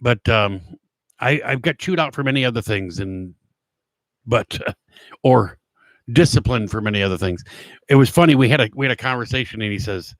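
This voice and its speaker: A man's voice: mid-range voice, animated, normal speed, fairly bright tone, no room sound. A middle-aged man hosting a talk show and telling casual stories. He rambles, with frequent fillers and restarts. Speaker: former police officer. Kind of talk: casual storytelling monologue.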